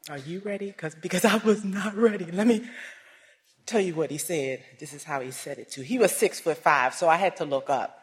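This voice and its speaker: A woman giving a personal testimony, swinging between hushed and raised, emotional storytelling. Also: fairly low pitch, moderate pace, slightly rough.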